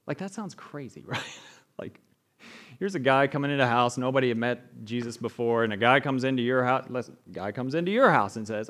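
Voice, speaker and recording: Man, pastor, conversational sermon, animated retellings, mid pitch. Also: normal speed. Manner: conversational preaching, asks the room "right?", animated retellings.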